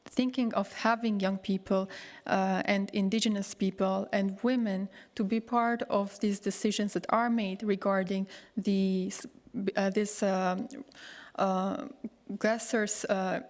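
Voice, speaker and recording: A woman's voice: medium pitch, flat delivery, measured pace. A woman panelist answers in a panel discussion, hesitant and full of fillers, in a hall with long reverb. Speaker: panelist speaking for youth groups.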